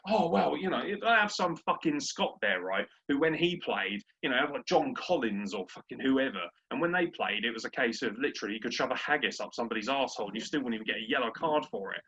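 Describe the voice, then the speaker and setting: A man's voice: mid-range voice, expressive, fast talker, few pauses, sharp tone, husky, full character voice. A man doing a smug, middle-aged Scottish football pundit with a mocking drawl. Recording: dull lo-fi audio.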